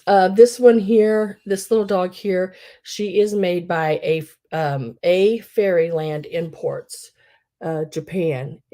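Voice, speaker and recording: A woman hosts a live online sale with a low, mellow voice. She chats casually and rambles, filling pauses with "um" and restarting sentences. Her tone stays soft rather than bright. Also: steady tone. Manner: chatty and rambling, many fillers.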